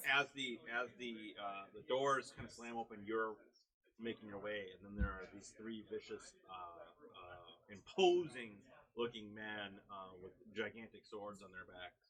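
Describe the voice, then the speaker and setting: A man narrates a tabletop game scene as game master, pausing often with fillers. His voice is low but bright and forward. He describes the action in a loose, halting flow. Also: fairly even intonation, poor audio.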